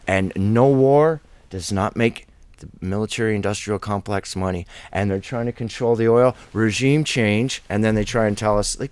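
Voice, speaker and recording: A man's voice: on the low side, a little mellow, clear, resonant tone, dry recording. A man preaching on a Bible chapter, reading scripture aloud and breaking off into impassioned, rambling commentary.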